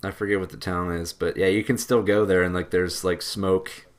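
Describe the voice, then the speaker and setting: A man's voice: low voice, fairly even intonation, moderate pace. A man co-hosting a casual podcast, joking in a dry, sarcastic way. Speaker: podcast co-host. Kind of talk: casual chat.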